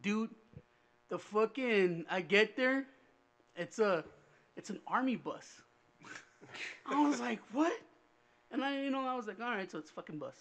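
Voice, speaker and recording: A man with a high voice tells a childhood story on a casual podcast. He curses a lot and acts out each person he quotes with lively swings in pitch. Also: moderate pace, pauses often. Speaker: podcast co-host.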